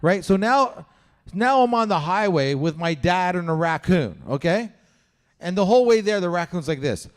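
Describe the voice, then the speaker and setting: Stand-up comic, man from Canada, somewhat high voice, animated storyteller who swears and plays the other voices. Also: moderate pace. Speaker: stand-up comedian. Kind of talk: stand-up comedy set. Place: comedy show venue with live audience.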